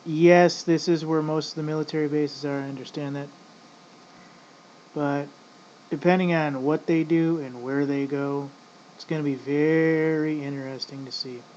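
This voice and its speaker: A man's voice: a little high, fairly even intonation, moderate pace, darkish tone. A man in casual ranting commentary, rambling and profane, often addressing "folks". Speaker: vlogger. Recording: dull lo-fi audio with faint noise.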